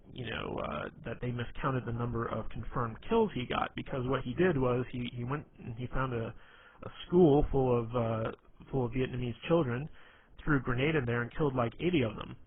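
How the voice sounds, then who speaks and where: A man's voice: medium pitch, slightly rough. A man explaining how to be funny in a casual, rambling way, full of fillers and restarts. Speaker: dating advice presenter. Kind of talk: casual instructional talk. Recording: tinny phone-like audio with faint noise.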